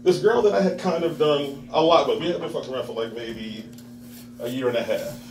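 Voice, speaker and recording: This stand-up comedian, a man in his thirties, has a mid-range voice and a brisk delivery. At a bar open mic with a live audience, he tells a meandering story, cracking himself up and playing the people in it. Slight background noise comes through a distant, roomy mic that catches the crowd.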